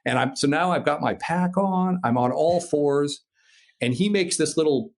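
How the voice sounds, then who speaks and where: A man from Minnesota, a paraglider pilot and podcast guest, telling a story in a casual, animated way, swearing freely and imitating sounds. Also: on the high side, normal speed. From Minnesota, USA.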